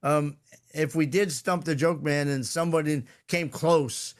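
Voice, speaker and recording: Chatty podcast host guy, bit high voice, joking at himself. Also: steady tone, measured pace. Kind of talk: casual podcast chat. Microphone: video call.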